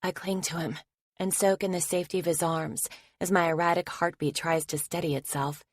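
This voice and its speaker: A woman's voice: sits low, steady tone, fairly quick, no room sound, studio quality. A woman narrating a romance audiobook in the first person, with tense, intimate storytelling.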